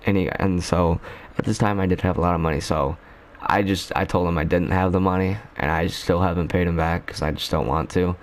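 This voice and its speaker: A man's voice: deep voice, fairly even intonation, a little fast. A man telling a story in a casual storytime vlog as a YouTuber, rambling with lots of slang and fillers.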